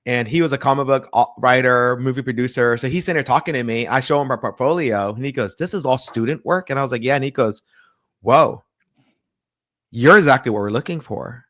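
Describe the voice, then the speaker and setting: A man telling a personal story in an interview, lively, acting out the people in it and often restarting his sentences. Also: medium pitch, fast, few pauses, dry recording, clean studio sound. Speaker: pastor, interview guest.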